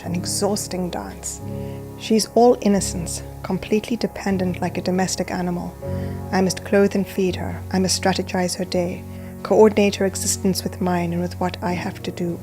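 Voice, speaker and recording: A woman reading a reflective personal voice-over about being a mother, in a quiet, subdued and introspective way. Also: medium pitch. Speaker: mother narrating a documentary.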